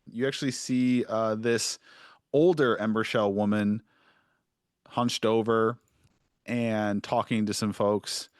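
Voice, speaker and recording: A man's voice: lowish voice, steady tone, slow pace, clean tone, no echo, clean studio sound. A man narrating a tabletop game as game master, casual and full of fillers and restarts.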